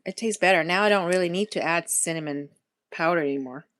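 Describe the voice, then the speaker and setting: A woman's voice: lowish voice, quick pace, a bit bright, dry recording. A woman hosting a casual live-stream chat for her food channel, rambling and laughing often as she talks straight to her viewers while sipping coffee.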